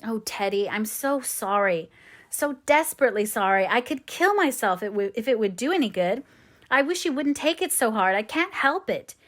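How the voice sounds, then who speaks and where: A woman's voice: a little high, animated, moderate pace. A woman voicing a spirited young woman who speaks earnestly and firmly in an audiobook reading. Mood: earnest, remorseful. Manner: earnest, gently firm.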